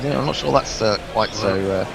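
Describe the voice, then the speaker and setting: A man's voice: mid-range voice, fairly quick, vocal fry, noisy background. A man hosting casual cricket commentary, hesitant with many ums, reading out listener messages.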